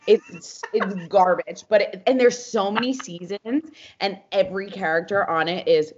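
A woman's voice: medium pitch, normal speed, noisy background. A young woman co-hosting a podcast in casual chat, talking with lots of fillers and constant swearing. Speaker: podcast co-host. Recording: dull lo-fi sound.

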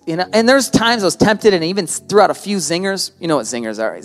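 A male preacher delivering a sermon in a lively storytelling manner, full of quotes and wordplay. His voice carries a long reverb from the church hall. Faint music sits underneath. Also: high voice, quick pace, few pauses. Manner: lively storytelling, quotes others, plays with words.

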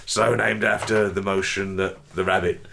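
A man's voice: low voice, little pitch movement, moderate pace, gravelly, pushed and bright, a little hiss or hum. A man hosting a comedy show, leading crude improv games with playful, bawdy banter. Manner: crude, playful, putting on mock Cockney lines. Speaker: podcast host.

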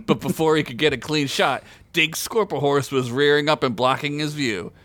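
A man's voice: a little high, normal speed, a bit bright, dry recording. A man hosting a comedy podcast, reading his own silly adventure story aloud with jokey asides and frequent laughter. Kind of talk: comic story reading with banter.

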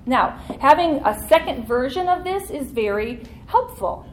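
A woman's voice: high voice, lively intonation, unhurried, slight background noise. A woman teaching a church Bible study class in an earnest, conversational way, leaning into key points.

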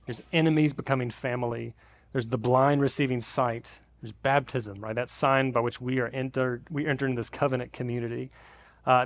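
A man in his thirties preaching a sermon in a church, talking in a casual, conversational way. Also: medium pitch. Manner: conversational, re-enacting family greetings with big voices. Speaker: pastor. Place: church sanctuary.

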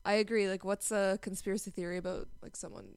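A woman's voice: mid-range voice, flat delivery, fast talker, a little mellow, smooth, no room sound. A young woman guest on a podcast, chatting casually, often giggling and a little bashful. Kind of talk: casual chat.

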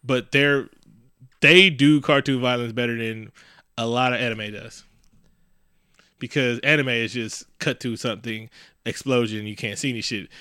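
A man co-hosting a casual chat, animated and swearing, often jumping into high excited bursts. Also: normal speed, long pauses, clear, resonant tone, no echo, studio quality. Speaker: podcast co-host.

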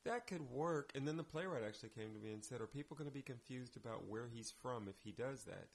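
A man's voice: medium pitch, fast, vocal fry. A man, a theater director guest on a podcast, telling anecdotes in casual chat and acting out the lines he quotes.

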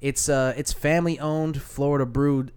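A man's voice: medium pitch, level tone, unhurried, a little mellow, clear, resonant tone. Brief: male podcast co-host, casual and joking, middle register. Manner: joking, mock-announcer openings. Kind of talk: casual chat.

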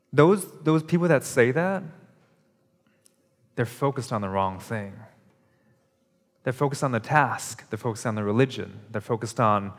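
A male pastor preaching a sermon at a church service, in an earnest, conversational way that repeats its phrases for emphasis. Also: mid-range voice. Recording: long hall reverb.

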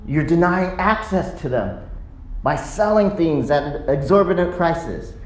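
A pastor delivers a sermon in a church sanctuary, telling the story with animated delivery and acting out the quotes. The voice sits in a middle pitch. The room adds a clear echo. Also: a little slow.

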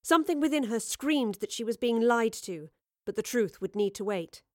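Woman narrator for an audio drama, measured, slightly high voice. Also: animated, dry recording, clean studio sound. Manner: measured storytelling.

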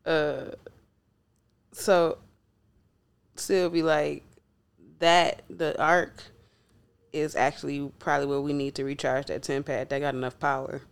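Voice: mid-range voice, level tone, slow pace, gravelly, long pauses, clear, resonant tone. A co-host, recapping an episode in laid-back casual chat. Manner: laid-back, laughs often. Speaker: podcast co-host.

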